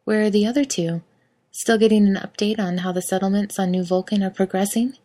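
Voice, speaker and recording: Woman as a warm young woman officer, light teasing tone, husky low voice. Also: fairly even intonation, fairly quick, close to an everyday voice. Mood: lighthearted.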